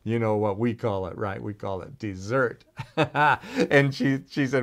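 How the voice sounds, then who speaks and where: A man telling a children's story at a church service, animated, with frequent restarts and questions to his young listeners. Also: mid-range voice, unhurried.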